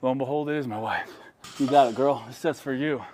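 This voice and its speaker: This gym vlogger has a medium-pitched, brisk, slightly mellow voice. Between sets he cracks jokes and pushes his viewers to keep going, occasionally sounding winded.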